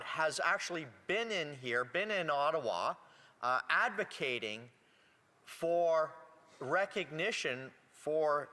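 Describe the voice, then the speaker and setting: A man, a member of parliament, giving a speech in a legislative chamber, halting and repeating words as he searches for them. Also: on the high side, bright, forceful tone. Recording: long reverb of a large chamber.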